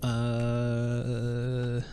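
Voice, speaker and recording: A man's voice: mid-range voice, completely flat delivery, extremely slow, warm tone. A young man with an everyday mid-range voice talks aloud as he codes on stream, drifting between topics and chuckling often. Faint music plays behind him along with the clatter of a keyboard. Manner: rambling and chuckly, many fillers, thinks aloud. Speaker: VTuber streamer coding a game. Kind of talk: casual livestream chat while coding. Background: faint music and keyboard typing.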